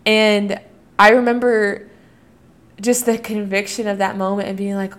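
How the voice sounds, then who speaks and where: Young woman, casual devotional talk, smooth clear tone, fairly flat delivery. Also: mid-range voice, moderate pace. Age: young adult. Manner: earnest, reflective, many fillers like "you know" and "like". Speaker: college student sharing faith lessons.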